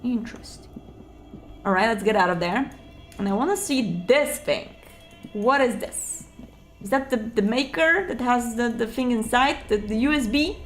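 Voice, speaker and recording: A woman's voice: a little high, normal speed, faint music behind. A woman playing through a detective video game, chatting casually in a playful, curious way and stumbling over her words now and then. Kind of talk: casual let's-play commentary and reading game text.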